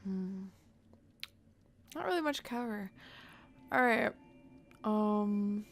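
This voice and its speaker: A woman's voice: mid-range voice, lively intonation, extremely slow, gravelly. A woman playing a tabletop game, thinking aloud and muttering as she plans her character's turn. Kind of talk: casual play-by-play of a character's actions.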